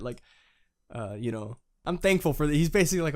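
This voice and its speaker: A man co-hosting a podcast in casual chat, excited and profane, often acting out characters' lines. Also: mid-range voice, a little fast. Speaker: podcast co-host.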